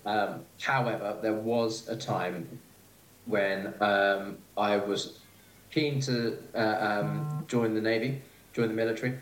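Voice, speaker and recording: A man's voice: fairly low pitch, steady tone, takes it slowly, faint music behind. Male chef, guest chat; hesitant, laughing, recorded in an echoey room. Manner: rambling, hesitant, laughs easily. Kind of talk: casual interview chat. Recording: echoey room with faint noise.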